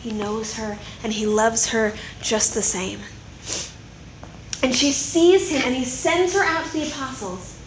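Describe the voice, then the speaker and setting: A woman giving a chatty, animated sermon to a gathering of women, often tossing in tag questions like "right?". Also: on the high side, a little slow, a little hiss or hum. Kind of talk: conversational sermon. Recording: roomy echo.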